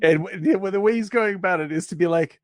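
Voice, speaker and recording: A man co-hosting a casual film podcast, excited, swearing freely and laughing often. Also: high-pitched, fast talker, no echo, studio quality. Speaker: podcast co-host.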